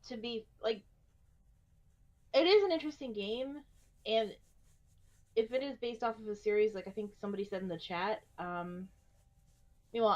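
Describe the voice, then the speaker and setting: A woman's voice: medium pitch, muffled recording. A woman chatting casually on a gaming stream, rambling and joking about her computer troubles.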